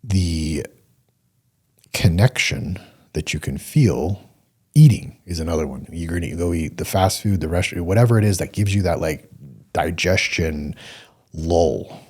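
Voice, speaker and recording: A man's voice: low-pitched, unhurried, darkish tone, breathy edge. A middle-aged man hosting a solo talk show, speaking earnestly in a coaching way and repeating points for emphasis. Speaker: podcast host.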